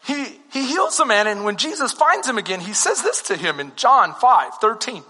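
Fervent high-voiced male preacher. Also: sing-song, moderate pace, pushed and bright, breathy edge, in a large hall. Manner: fervent, emphatic, rhetorical questions. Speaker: pastor. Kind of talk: sermon.

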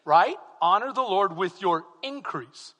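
A man preaching a sermon as pastor, swinging from quiet, slow passages to loud shouted peaks. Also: sits high, animated. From Texas. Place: church sanctuary. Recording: long hall reverb.

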